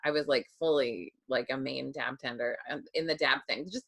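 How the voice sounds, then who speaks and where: A woman hosting a podcast in casual chat, rambling with many fillers and quick to laugh. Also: extremely low pitch, vocal fry, fairly bright tone, breathy edge. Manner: chatty, rambling, lots of likes and ums, laughs easily. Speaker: podcast host.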